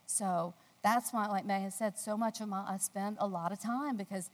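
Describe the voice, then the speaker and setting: A woman from the United States giving a devotional talk, telling a personal story with animated delivery and acting out the voices in the story. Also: normal speed. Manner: animated storytelling, acting out quotes in a squealing high voice. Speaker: speaker at a faith gathering. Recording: long hall reverb.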